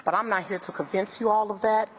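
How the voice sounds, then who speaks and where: A woman's voice: medium pitch, quick pace, a little hiss or hum. A middle-aged woman with a Southern US accent, giving an impassioned public speech as a family friend. She talks emphatically and repeats phrases for effect. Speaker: family friend speaking at press conference. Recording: long hall reverb.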